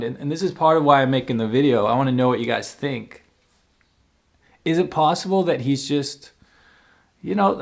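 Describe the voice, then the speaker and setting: Animated young man telling a story. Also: medium pitch. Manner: animated, acts out quoted lines, frequent fillers and restarts. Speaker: travel vlogger telling a story. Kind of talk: casual storytelling to camera.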